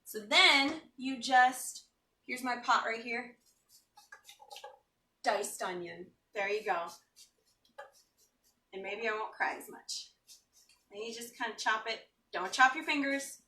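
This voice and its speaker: Chatty bright-voiced woman cooking on a live stream. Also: fairly high pitch, expressive, slow pace, long pauses, far from the mic. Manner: chatty and joking, reads viewer comments aloud. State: teary from chopping onions. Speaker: cooking show host. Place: home kitchen. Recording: echoey kitchen, off-mic.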